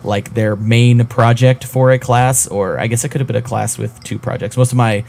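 A man's voice: medium pitch, fairly even intonation, normal speed, creaky, darkish tone, a little hiss or hum. A man co-hosting a casual podcast about games, talking in a rambling, hesitant way with lots of fillers. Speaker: podcast co-host.

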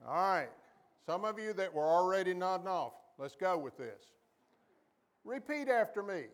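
A man preaching a sermon as a pastor, calling on the congregation to repeat after him and acting out quoted voices with sudden high jumps in pitch. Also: animated, normal speed.

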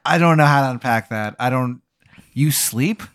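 A man's voice: medium pitch, normal speed, a bit bright, clear, resonant tone, no echo, studio quality. A man co-hosting a comedy podcast, reacting with incredulous, exasperated asides in casual banter.

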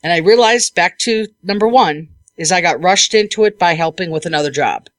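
A woman hosting a podcast as an IT technician, telling a work story in a lively, casual way and acting out what people said. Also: fairly low pitch, brisk, no room sound.

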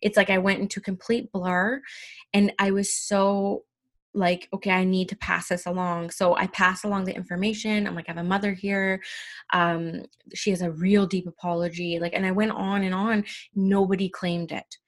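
A woman's voice: medium pitch, normal speed. A woman co-hosting a podcast, telling stories about her spirit work with energy and acting out her own quotes. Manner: animated storyteller who acts out her own quotes. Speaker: podcast co-host and medium. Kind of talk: casual chat.

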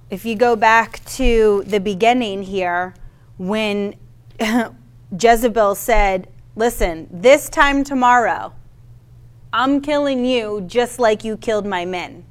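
Brief: woman preacher, reads scripture aloud then teaches, casual asides, trips on old names. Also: a little high. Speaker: Bible teacher. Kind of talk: sermon with Bible reading.

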